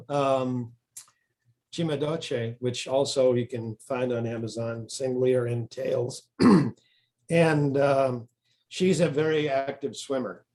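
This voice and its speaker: A man's voice: mid-range voice, fairly even intonation, takes it slowly, darkish tone. A man, an author being interviewed, talking casually and telling stories with frequent restarts and fillers. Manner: rambling storyteller, frequent restarts.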